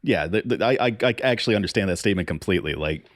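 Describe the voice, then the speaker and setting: A lower-voiced man co-hosting a podcast in an easygoing chat. He laughs a lot, curses freely and restarts his sentences with repeated words. The sound is dry and close, with no room echo. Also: animated, rapid-fire. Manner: laughs often, swears casually, repeats words when starting. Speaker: podcast co-host. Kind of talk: casual chat.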